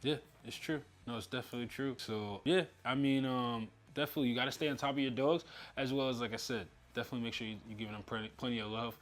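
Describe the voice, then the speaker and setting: A man's voice: mid-range voice, steady tone, fast, few pauses. A man co-hosting a casual podcast about dog breeding, who talks in an agreeable, easygoing way and often chimes in with short yeses. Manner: agreeable, easygoing, backchannels a lot.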